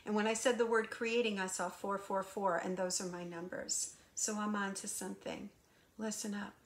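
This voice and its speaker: With a mid-range voice, level tone and moderate pace, a female hypnotherapist and intuitive channeler offers spiritual guidance in a monologue, with a little hiss or hum in the recording. She speaks emphatically, preaching via rhetorical questions and moving from hushed asides to raised emphasis.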